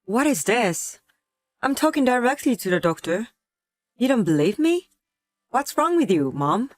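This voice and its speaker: A woman voicing a defensive, sick husband in a text-message story, read in a flat synthetic way. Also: a little high, measured pace, no echo, clean studio sound, pitched above the performer's own voice. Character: sick abusive husband, adult man, defensive.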